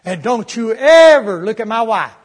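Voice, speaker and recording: A preacher putting on a rough, drunk troublemaker. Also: male voice, sits high, brisk, a bit bright. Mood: threatening. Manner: demanding, rough, ungrammatical. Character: drunk, belligerent, cursing grown man.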